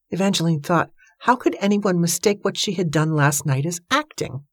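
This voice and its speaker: Brief: woman audiobook narrator, measured storytelling, dry close sound. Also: lowish voice, slightly rough, no room sound. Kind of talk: scripted narration.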